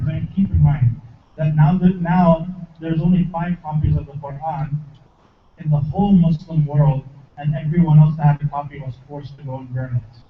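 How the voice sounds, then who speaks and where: Brief: male preacher, higher voice, teaches and quizzes the crowd, far-off phone-like hall recording. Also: normal speed. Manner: lively, asks the audience questions. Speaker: shaykh giving a lecture. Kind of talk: mosque lecture to a congregation. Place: mosque hall. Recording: distant, echoey, phone-like hall recording with faint noise.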